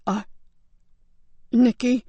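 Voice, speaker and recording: A woman voicing a dying, tortured man who speaks in a slow, halting, breathy near-whisper, short of breath. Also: fairly high pitch, fairly even intonation, dark tone, no room sound, pitched above the performer's own voice, full character voice. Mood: weak pleading.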